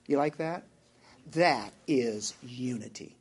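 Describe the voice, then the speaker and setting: A man's voice: on the high side, animated, a little slow, slightly rough. A man with a Southern US accent who preaches a sermon as pastor, asking his congregation direct questions.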